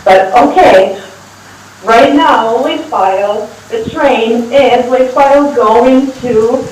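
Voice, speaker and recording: A woman with a Russian accent playing a mean villain who ties a man to train tracks, speaking slowly and drawn out. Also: on the high side, darkish tone, slight background noise. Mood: mock menacing. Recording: echoey room, far from mic.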